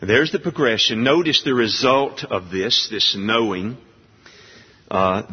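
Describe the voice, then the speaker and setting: Slow emphatic man preaching in a reverberant hall. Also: slightly rough. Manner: slow, emphatic, rising to a high ringing pitch on key words. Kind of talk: sermon. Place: church sanctuary. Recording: dull long-reverb church hall sound.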